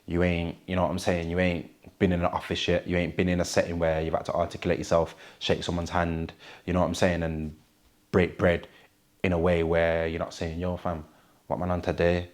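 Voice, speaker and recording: A man's voice: low voice, completely flat delivery, brisk. A young man with a Wolverhampton accent, a rapper talking casually in an interview, full of street slang and "you get me" tags. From Wolverhampton, England.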